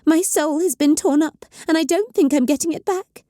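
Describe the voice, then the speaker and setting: A woman's voice: sits high, normal speed, dry recording, studio quality, voice pushed up, lightly acted. A woman voicing a bitter, volatile young female psyker cultist who hisses and snarls in anger. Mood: bitter, menacing. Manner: hissing, snarling, shouting in anger.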